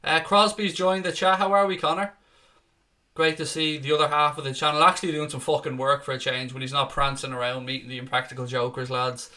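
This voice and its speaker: A man's voice: on the high side, little pitch movement, brisk, pushed and bright. A man hosting a casual live stream, chatting, swearing freely and reading out viewer comments.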